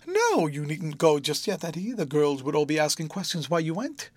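A man voicing a sweet, childish young schoolgirl who talks in a lilting, playful way with sudden high bursts. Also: big pitch swings, moderate pace, dry recording. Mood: girlish, playful.

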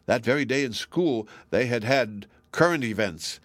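A man reading a children's storybook aloud in a lively, expressive way. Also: mid-range voice, moderate pace, dry recording. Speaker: narrator.

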